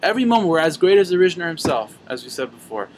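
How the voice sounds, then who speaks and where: A man teaching a Torah lesson through an animated story, sprinkled with Yiddish and Hebrew terms and frequent restarts. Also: fairly high pitch, fast, background noise.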